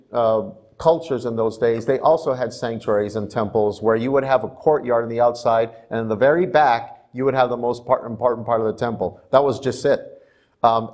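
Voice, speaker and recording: A man's voice: mid-range voice, a little mellow. Conversational male pastor preaching. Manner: conversational, laughs at himself while telling stories. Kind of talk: sermon. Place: church sanctuary.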